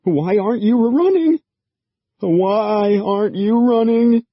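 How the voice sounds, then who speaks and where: A man's voice: high voice, slow, no room sound, pitched above the performer's own voice. Man doing a panicked, whimpering office guy. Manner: whimpering, pleading. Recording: dry, slightly dull audiobook recording.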